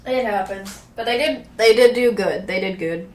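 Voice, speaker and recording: A woman streaming a casual chat from home, rambling along with fillers and restarts and clearing her throat now and then. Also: on the high side, moderate pace, a little mellow, slight background noise. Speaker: live streamer.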